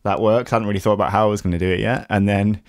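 A man's voice: lowish voice, fairly even intonation, racing, dry recording, clean studio sound. A man co-hosting a podcast, talking enthusiastically about producing music, with lots of fillers. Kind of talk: casual chat.

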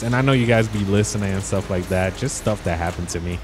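A young man telling stories in a casual, slangy way while commenting on his gameplay, getting excited as he talks. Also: sits low, quick pace, music in the background. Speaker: gaming YouTuber.

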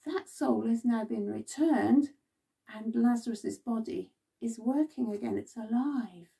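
A woman's voice: fairly high pitch, a little slow, vocal fry, warm tone, slightly rough, distant mic. A woman leading a children's Bible club, telling the story expressively and asking the children questions.

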